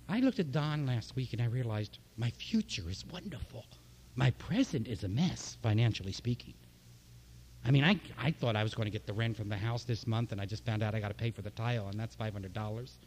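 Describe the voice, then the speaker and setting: A man delivering a sermon to his congregation. His voice is mellow and warm, and he preaches with passion, building emphasis through repeated lines. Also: medium pitch, animated, fairly quick. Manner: impassioned, preaching with rising emphasis and repetition. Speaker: pastor.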